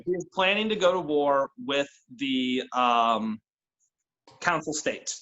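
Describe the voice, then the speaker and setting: A man narrating as game master for a tabletop game, talking in a halting way with many fillers. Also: medium pitch, lively intonation, pushed and bright, lo-fi sound.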